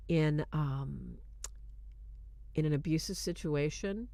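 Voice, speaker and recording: A woman hosting a show, retelling a film in casual, animated commentary with fillers and restarts, turning earnest when she draws lessons. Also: lowish voice, dry recording. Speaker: host reviewing a film.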